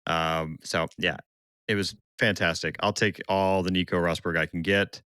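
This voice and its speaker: A man co-hosting a casual sports podcast, telling stories with lively energy and acting out quotes. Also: low-pitched, normal speed, clean tone, no echo, clean studio sound. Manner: animated storyteller, acts out quotes. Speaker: podcast co-host. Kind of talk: casual chat.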